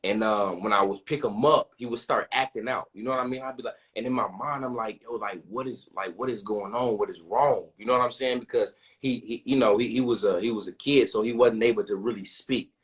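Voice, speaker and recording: A man's voice: medium pitch, fairly even intonation, quick pace, hardly any pauses. A young man telling a personal story in an open, earnest way, often repeating himself and asking "you know what I'm saying". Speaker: podcast host.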